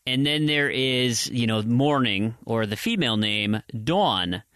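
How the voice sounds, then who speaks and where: A man from Minnesota hosts a podcast with a teasing, storytelling manner. His voice sits at a middling pitch, and the recording is dry and close. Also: unhurried, smooth, dry recording. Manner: joking, animated storyteller. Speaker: podcast host. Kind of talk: casual podcast chat.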